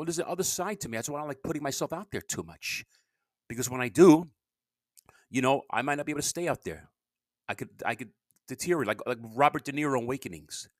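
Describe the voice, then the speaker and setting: A middle-aged man talks through a loose, confessional podcast monologue. His pitch swings widely as he stammers and doubles back on his words. The recording is dry and close. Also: dry recording. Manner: stammering, repeats words, candid and blunt. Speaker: podcast host and comedian.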